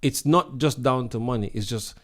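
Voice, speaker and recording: A man who works as a DJ, a guest on a casual podcast. He talks emphatically and repeats his points. His pitch is mid-range and his delivery is slangy and direct. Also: moderate pace. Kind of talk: casual chat.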